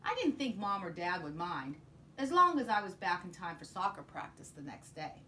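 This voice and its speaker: A woman teacher reading a children's picture book aloud in an expressive, sing-song way. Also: lowish voice, normal speed, a little hiss or hum. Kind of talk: children's storybook read-aloud.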